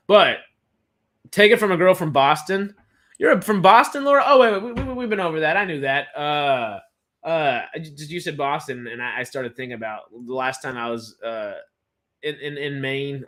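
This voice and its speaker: A man's voice: medium pitch, a bit bright. A young man with an ordinary mid-range voice co-hosts a film news stream in a casual chat. He rambles enthusiastically, stumbling over repeated words and restarting his sentences. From Texas.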